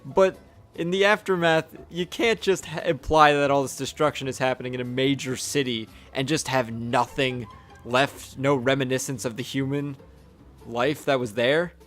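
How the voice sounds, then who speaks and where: A man's voice: mid-range voice, fairly even intonation, normal speed, fairly bright tone, soft background music. A young man giving a casual, sarcastic movie review voice-over, blunt and swearing offhandedly.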